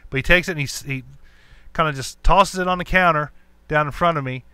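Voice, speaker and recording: A man's voice: a little high, fast, pushed and bright, clear, resonant tone, no echo. A young adult man co-hosting a podcast, telling a profane story with lots of acted-out quotes. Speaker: podcast co-host. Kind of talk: casual chat.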